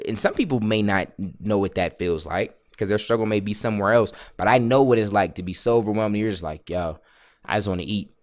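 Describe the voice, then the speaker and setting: A man talking frankly to his viewers in a motivational vlog, earnest and repeating himself as he builds a point. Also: lowish voice. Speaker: vlogger. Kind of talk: motivational casual vlog talk.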